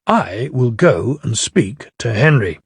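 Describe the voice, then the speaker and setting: Male narrator playing a severe, brisk railway boss; husky edge, dry close sound. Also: medium pitch, big pitch swings, no echo, heavily acted. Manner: brisk and severe, kindly to good engines. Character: stern, fussy railway boss, older man.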